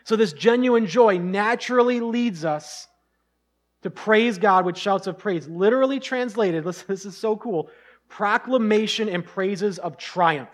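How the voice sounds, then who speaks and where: Middle aged pastor guy giving a sermon, earnest, kinda high voice, talks to the crowd like a friend. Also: unhurried. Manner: earnest, conversational preaching with bursts of emphasis.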